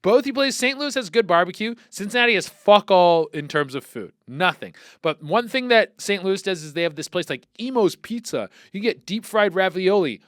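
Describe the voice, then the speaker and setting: A male podcast host ranting comedically with heavy swearing, animated and exclamatory. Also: high-pitched, normal speed, hardly any pauses, no room sound, studio quality. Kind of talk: profane comedic rant.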